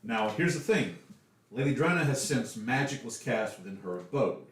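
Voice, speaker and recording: A casual Southern American game master, chatty and full of fillers, with a lively voice. He sounds distant from the mic in an echoey room. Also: mid-range voice, normal speed. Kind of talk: narrating a tabletop game.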